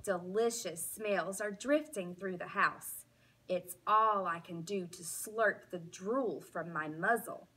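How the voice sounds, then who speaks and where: A woman teacher reading a children's storybook aloud in a slow, expressive way. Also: mid-range voice, breathy edge.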